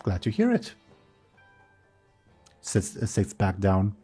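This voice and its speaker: A man narrates a tabletop game as its game master, rambling and often correcting himself. His voice sits low with a dark, mellow tone, and faint music runs underneath. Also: wildly swooping pitch, takes it slowly, husky. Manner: rambling, self-correcting, casual.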